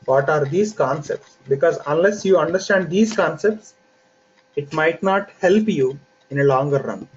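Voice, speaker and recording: Man lecturing slowly through muffled audio. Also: fairly high pitch. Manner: unhurried, explains step by step with fillers. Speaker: software trainer. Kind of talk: online training lecture. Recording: dull lo-fi audio with faint hiss.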